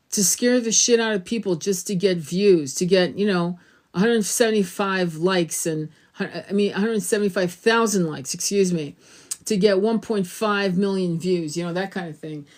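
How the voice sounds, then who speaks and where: A middle-aged woman rambles through a spiritual monologue for her tarot channel. She talks with loose, emphatic energy, swears freely, and pops into a higher voice to act out what people said. Her pitch sits in an ordinary middle range. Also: a little slow, darkish tone.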